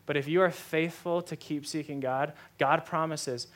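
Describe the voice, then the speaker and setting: A man's voice: a little high, fairly even intonation, normal speed, hardly any pauses, fairly bright tone. A young adult man preaching a sermon, telling a personal story in a conversational way with many fillers like "like". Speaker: pastor.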